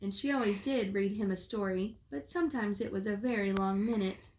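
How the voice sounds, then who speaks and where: A woman teacher reading a picture book aloud to children in a calm, clear way. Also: medium pitch, brisk, a little hiss or hum. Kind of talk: storybook read-aloud.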